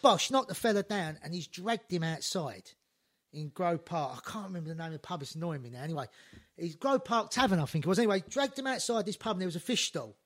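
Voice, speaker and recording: A man telling lively stories in casual chat, acting out quotes, swearing and laughing. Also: sits high, quick pace. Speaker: podcast guest storyteller.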